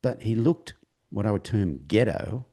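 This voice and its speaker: A man, a horse trainer and interview guest, telling a long personal story in conversation with a halting delivery, many restarts and acted-out dialogue. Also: lowish voice, expressive, warm tone, slightly rough.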